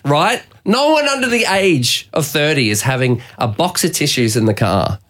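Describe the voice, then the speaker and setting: A man's voice: fairly high pitch, animated, normal speed, fairly bright tone. An Australian man in his forties, co-hosting a podcast in casual chat, joking and laughing at himself. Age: 40s. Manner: joking, self-mocking, laughs often. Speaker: podcast co-host.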